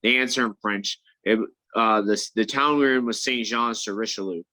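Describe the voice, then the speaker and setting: Animated storytelling man, dry sound. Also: fairly low pitch, normal speed, no echo, poor audio. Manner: animated, acts out quoted voices, stammers and restarts. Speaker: MMA fighter guest. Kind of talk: casual storytelling.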